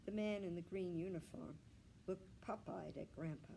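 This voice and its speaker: A woman librarian reading a children's storybook aloud in a gentle, expressive way. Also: fairly low pitch, normal speed, vocal fry, slight background noise, low-quality recording.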